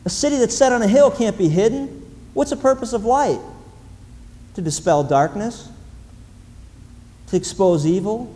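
A man preaching in an animated sermon style, stacking repeated phrases and punching them louder. His voice sits a little high but soft and mellow in tone. It rings out with long reverb in a big hall, with faint room ambience underneath. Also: moderate pace, long pauses. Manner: animated, repetitive emphasis, rising to loud exclamations.

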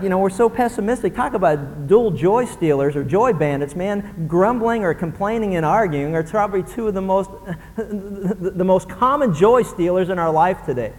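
A male pastor preaching a sermon in an animated way, acting out grumbling voices. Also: sits high, long reverb tail.

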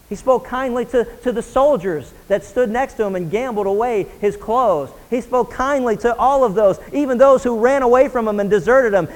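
A man's voice: high voice, long reverb tail, low-quality recording. A man preaching a sermon as a pastor, earnest and rising in intensity on key points. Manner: earnest preaching, rising and pressing when emphatic.

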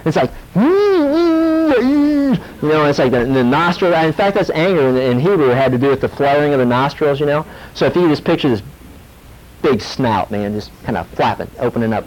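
A male pastor preaching a sermon in a lively, joking storytelling way that drops into earnest warnings. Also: mid-range voice, fast talker, poor audio. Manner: animated, jokey storytelling with sudden drops to earnest.

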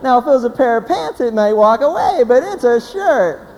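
A man, a pastor, giving a humorous sermon as an animated, joking storyteller. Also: very high-pitched, normal speed. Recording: hall reverb, faint background noise.

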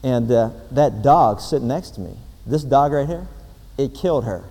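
A man voicing a grim, matter-of-fact widower sitting in a limousine in a joke he tells. He speaks lower and more quietly than his usual talk. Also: expressive, moderate pace, lightly acted. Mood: deadpan. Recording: long reverb of a large hall.

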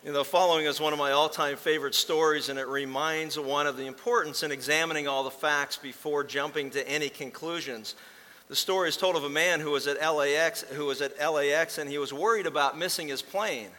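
A man's voice: a little high, fairly even intonation, fairly quick, pushed and bright. A man preaching a sermon as pastor, with folksy storytelling and emphatic repetition. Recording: long reverb in a large hall.

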